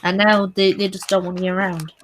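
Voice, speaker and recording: Woman, late twenties, giggly, laid-back voice chat, mid pitch. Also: little pitch movement, a little fast, a little hiss or hum. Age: 20s. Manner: giggly, laughs often. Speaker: artist. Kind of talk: casual voice chat.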